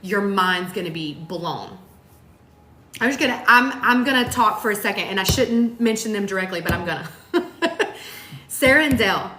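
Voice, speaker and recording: A woman's voice: a little high, lively intonation, fairly quick, pushed and bright. A woman co-hosting a motivational talk, speaking with heartfelt emphasis, repeating herself for weight and swearing casually. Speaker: co-host of a motivational talk show. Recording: echoey room.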